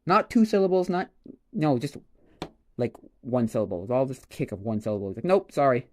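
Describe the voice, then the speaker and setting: A man on a casual livestream, rambling and exclaiming excitedly as he opens trading cards. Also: medium pitch, brisk. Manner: excitable, rambling, exclaims over each card. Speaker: streamer opening a card pack.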